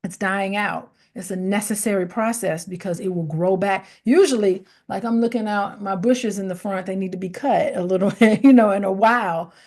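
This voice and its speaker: A middle-aged woman hosting a reflective casual talk, telling stories in an animated way, acting out quoted voices and laughing often. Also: medium pitch, moderate pace, few pauses. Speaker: host.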